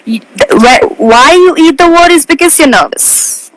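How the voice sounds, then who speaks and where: A woman in her twenties, a pageant titleholder, giving earnest tips over a live video call. She leans on key words and slows down to make a point. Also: very high voice, lively intonation, low-quality recording. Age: 20s.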